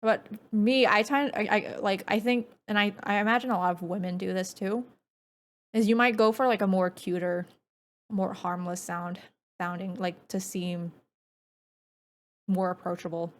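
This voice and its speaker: Chatty woman streamer rambling. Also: normal speed. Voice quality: naturally low, relaxed speaking voice. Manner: rambling, filler-heavy, chatty. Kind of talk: casual gameplay commentary.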